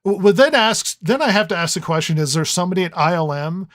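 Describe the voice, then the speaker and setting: A man's voice: high-pitched, lively intonation, fast talker, fairly bright tone, no echo, clean studio sound. A man co-hosting a podcast review in casual chat, rambling and riffing with lots of stammered restarts. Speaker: podcast co-host.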